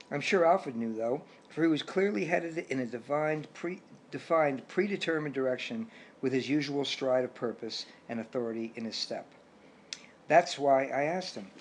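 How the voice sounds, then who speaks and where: A man reads an audiobook story aloud in a plain, steady telling voice at a middling pitch. A faint hiss of noise sits under the narration. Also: moderate pace, low-quality recording.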